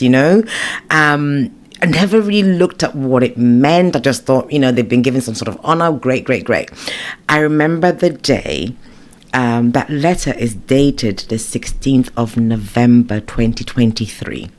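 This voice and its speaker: A middle-aged woman from the United Kingdom, a guest in a casual interview, telling her stories in an animated, emotional way and acting out her own thoughts. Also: a bass voice, normal speed. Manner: animated, emotional storytelling with lots of quoted inner thoughts.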